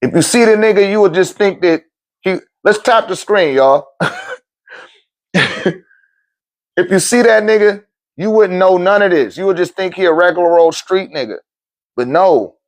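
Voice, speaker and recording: A man's voice: high-pitched, moderate pace, pauses often. A man telling a personal story at a live talk in a loose, profane way, acting out the other people's voices as he goes.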